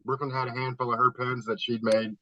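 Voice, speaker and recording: A man's voice: mid-range voice, flat delivery, fairly quick, bright, forceful tone, no room sound. A man in a casual club chat, loose and profane, laughing as he tells stories over a video call. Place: home garage. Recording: dull lo-fi video call audio.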